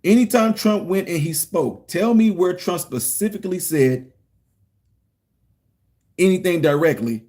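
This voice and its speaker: A middle-aged man giving political commentary to a live chat, animated and preachy, talking straight to his viewers. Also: high voice, measured pace, long pauses.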